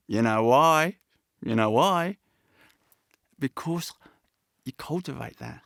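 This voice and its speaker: A man giving a satsang talk as a spiritual teacher, speaking in a halting, reflective and earnest way with many pauses and restarts. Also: medium pitch, animated, creaky, fairly bright tone, dry recording, clean studio sound.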